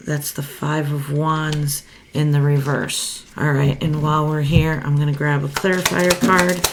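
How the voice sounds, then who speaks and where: A woman's voice: deep voice, level tone, unhurried, noisy background. A woman giving a casual spoken tarot reading, chatty and thinking aloud, often laughing as she talks. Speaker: tarot card reader.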